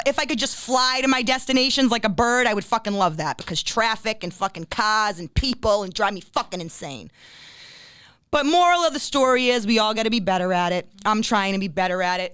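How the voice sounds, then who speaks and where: A woman with a New England accent hosting a podcast, blunt and profane, breaking into shouts when she gets worked up. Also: mid-range voice, clean tone, no echo, studio quality. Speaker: podcast host. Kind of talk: casual podcast chat.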